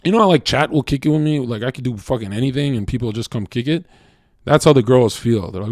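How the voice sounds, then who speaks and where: A male livestreamer in a casual monologue. He is blunt, crude and profane, rambling with lots of fillers and swinging between loud bursts and low mutters. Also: expressive, fast, no room sound, clean studio sound.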